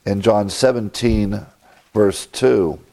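A man's voice: lowish voice, steady tone, takes it slowly, creaky, warm tone. A man preaching a sermon, methodically teaching a Bible passage verse by verse with occasional fillers. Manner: methodical, explains Greek grammar. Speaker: pastor.

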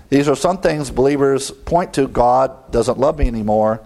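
A man's voice: medium pitch, normal speed, creaky, few pauses, warm tone. A middle-aged man preaching a sermon, emphatic, quoting scripture and asking the congregation rhetorical questions. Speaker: pastor.

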